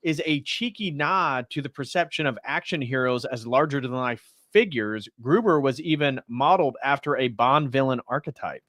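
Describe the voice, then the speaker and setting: A man's voice: mid-range voice, moderate pace, hardly any pauses, fairly bright tone, no echo, clean studio sound. A man hosting a video stream, reading out facts from notes and chatting casually. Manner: reads facts from notes, then chats. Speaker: host.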